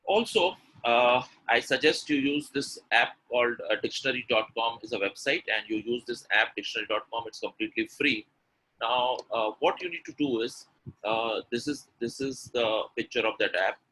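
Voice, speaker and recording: A man leads a live online pronunciation class. His voice is bright and a little husky, and he coaxes the attendees with lots of repetition. He talks into a computer mic. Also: medium pitch, moderate pace, low-quality recording. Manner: coaxing, repetitive, addresses attendees directly. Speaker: English pronunciation coach. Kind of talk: live webinar teaching.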